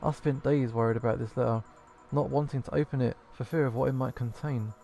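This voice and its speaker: A man reading as an anxious, bitter bartender woman from a video game, halting and hesitant. The voice is dark and gravelly, with faint game music underneath. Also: medium pitch, fairly even intonation, lightly acted. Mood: angry. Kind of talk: reading game dialogue aloud.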